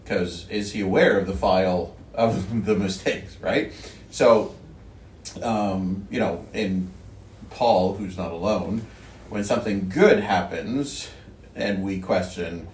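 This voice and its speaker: A man with a fairly low voice talks loosely and meanders in a casual conversation about faith, chuckling as he goes. He sounds set back from the microphone. The room is echoey, with a faint ambient hum. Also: slow, a little mellow. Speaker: podcast co-host. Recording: distant mic in an echoey room.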